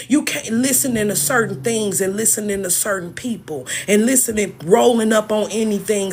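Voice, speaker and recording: A woman's voice: medium pitch, slightly rough. Emotional woman preaching on a live stream. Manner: earnest and emotional, preachy, repeats herself, greets viewers. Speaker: TikTok live host sharing a spiritual message. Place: at home, moving around indoors. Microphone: phone.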